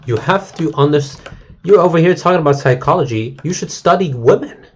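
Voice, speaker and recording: Husky-voiced man ranting to chat. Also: fairly high pitch, animated, normal speed, a little mellow, highs cut off. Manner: crude, rambling, mocking. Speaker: game streamer. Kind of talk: casual rant to stream chat.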